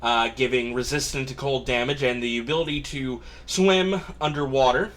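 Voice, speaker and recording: A man's voice: medium pitch, moderate pace, fairly bright tone. A man acting as game master, casually recapping the last session in a loose, rambling way.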